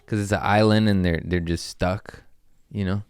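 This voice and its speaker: In a low, clear and resonant voice that's steady, a little mellow and moderately paced, a man hosts a podcast from home. He tells casual, rambling, jokey stories with swearing and drifting asides, and the recording is studio quality with no echo.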